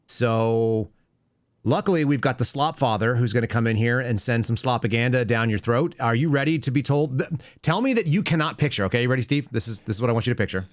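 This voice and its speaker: A man's voice: mid-range voice, expressive, quick pace, no echo, studio quality. A man hosting a political talk show, chatting casually and sarcastically with his co-host. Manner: sarcastic, joking. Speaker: podcast host.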